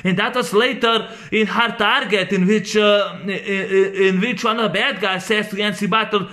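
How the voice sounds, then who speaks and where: Rambling man with a bright voice. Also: sits high. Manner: rambling, halting, many fillers and restarts. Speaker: movie reviewer. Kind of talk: casual spoken film review.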